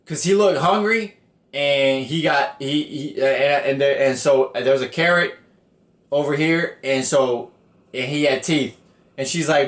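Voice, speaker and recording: A man hosts a podcast from an echoey room, spinning a story in loose, profane slang and loudly playing the characters involved. His voice is fairly high and a bit bright, at a normal speed.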